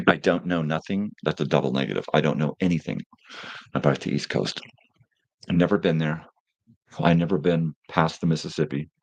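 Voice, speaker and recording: A man's voice: rumbling low, dry recording. A middle-aged man hosting a live stream, chatting casually with viewers in a rambling, laid-back way full of slang.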